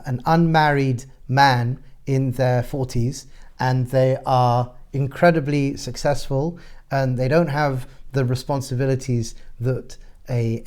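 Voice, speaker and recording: A middle-aged man, a rabbi, talking as a guest in a conversational discussion, telling stories and growing animated as he goes. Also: mid-range voice. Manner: storytelling, grows animated and louder describing family chaos.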